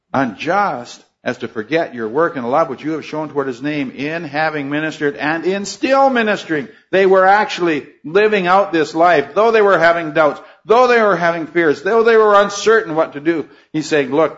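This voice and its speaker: A man's voice: fairly high pitch, a bit bright, lo-fi sound. A man preaching an expository sermon, teaching earnestly and pressing hard on key phrases.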